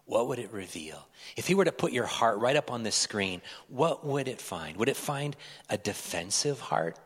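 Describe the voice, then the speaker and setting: A man's voice: medium pitch, big pitch swings, normal speed, breathy edge. A man preaching a sermon as pastor, earnest and pleading with his congregation. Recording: long reverb of a large hall.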